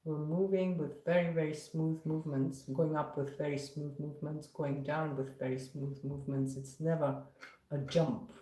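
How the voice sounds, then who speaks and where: A woman's voice: deep voice, steady tone, moderate pace, warm tone. Patient woman violin teacher, roomy echo. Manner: patient, explains step by step between playing. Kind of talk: live-streamed music lesson. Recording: roomy echo, violin playing around speech.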